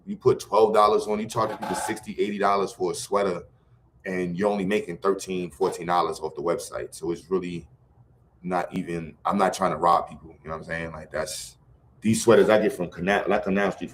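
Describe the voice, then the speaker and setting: A man's voice: deep voice, slight background noise. A middle-aged man, talking casually and loosely in slang, full of restarts, as a guest on a livestream. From Brooklyn, New York. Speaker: guest, educator running a program.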